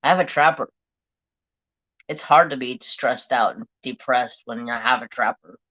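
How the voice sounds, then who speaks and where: A man hosts a live craft stream in a bright, forward voice, chatting bluntly and swearing freely. The talk is loose and chatty. The audio is dull and lo-fi. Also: medium pitch, normal speed. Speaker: craft livestream host. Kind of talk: casual live-stream chat.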